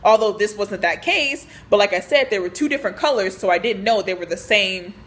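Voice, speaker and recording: With a brisk, medium-pitched voice, a young woman chats through a work story for her vlog. The telling is lively, loaded with fillers and quoted lines of dialogue.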